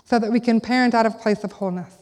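A woman's voice: fairly high pitch, fairly even intonation, fast talker, a little mellow. A woman telling a candid family story in a sermon, acting out her own lines as she preaches to a church. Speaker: speaker at a church service. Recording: long hall reverb.

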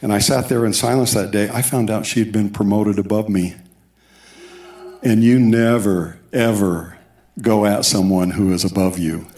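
A man with a fairly low voice preaches a personal testimony, telling it as a story with asides and quoted bits of dialogue. The sound carries the echo of a big church hall. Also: steady tone, moderate pace, darkish tone. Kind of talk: sermon testimony. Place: church sanctuary.

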